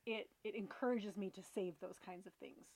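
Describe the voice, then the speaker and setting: A woman's voice: medium pitch, fairly quick, creaky, darkish tone. A woman in her thirties co-hosting a casual chat show, with wry, playful jokes. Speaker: podcast co-host.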